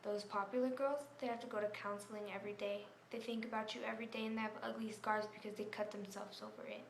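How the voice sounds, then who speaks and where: A woman's voice: mid-range voice, flat delivery, quick pace. A woman telling a story in a somber, earnest voice, correcting herself now and then. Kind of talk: earnest home-video narration. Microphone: camera mic. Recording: echoey room, faint hum.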